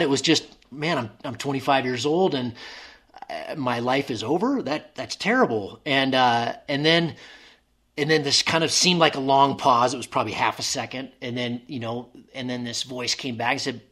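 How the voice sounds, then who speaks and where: A man's voice: mid-range voice, pushed and bright. Man telling a story, many restarts. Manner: halting, many restarts, acts out remembered inner dialogue. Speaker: guest telling a personal story. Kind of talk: casual spoken storytelling.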